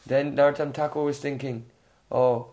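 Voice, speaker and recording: Man, somewhat high pitch, devotional lecturer, reflective, frequent "hmm?" asides. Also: a little mellow. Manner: frequent questioning "hmm?" to listeners; unhurried, reflective storytelling. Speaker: spiritual teacher.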